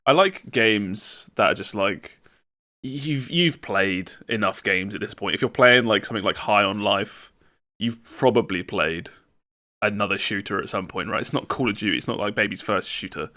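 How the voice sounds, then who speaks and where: A man's voice: fairly low pitch, moderate pace, sharp tone. A man co-hosting a gaming podcast, talking casually and reasoning his points aloud. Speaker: podcast co-host. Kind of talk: casual chat.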